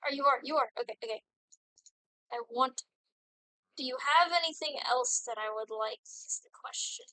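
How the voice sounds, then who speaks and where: Giddy, bright-voiced young woman streamer. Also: high-pitched, normal speed, long pauses, no echo, poor audio. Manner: giddy, rambling, talks to herself while playing. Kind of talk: casual gaming stream chat.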